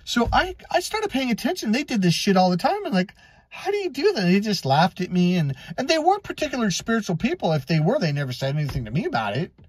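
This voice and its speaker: Man, life coach, storytelling monologue, very expressive pitch, husky, dry. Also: fast, hardly any pauses, dry recording. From Wisconsin, USA. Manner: animated, swings between high and low pitch, acts out quotes.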